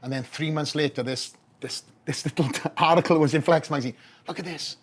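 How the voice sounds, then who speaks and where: A man's voice: fairly high pitch, a little fast, husky. A middle-aged man with a Welsh accent, a bodybuilder telling his story as a podcast guest, acting out the voices of people he quotes. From Wales. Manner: animated storyteller who acts out quoted voices.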